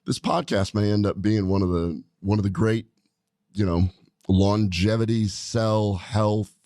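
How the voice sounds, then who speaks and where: A man with a lowish voice hosts a casual podcast chat in a studio. He rambles along in an upbeat, excited way. The sound is close and dry. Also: a little slow, no echo. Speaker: podcast host, doctor.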